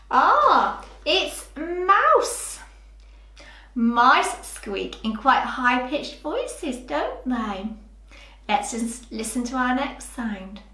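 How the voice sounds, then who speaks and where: Female early years teacher, preschool phonics, very expressive and slow-paced, echoey room. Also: sits high. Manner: slow, sing-song and animated, talking to small children.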